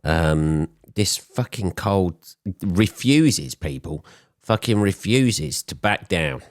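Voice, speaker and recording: A man in his forties, hoarse from a cold, hosting a podcast in a blunt, swearing, rambling monologue. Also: deep voice, lively intonation, slow pace, no room sound, studio quality. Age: 40s. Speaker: podcast host. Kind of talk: casual solo podcast monologue.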